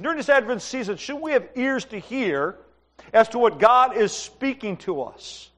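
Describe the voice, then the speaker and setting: A middle-aged male pastor with a notably high voice delivers a sermon. He talks in a conversational way, tosses questions to the congregation and tells his own stories with humor. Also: fairly bright tone.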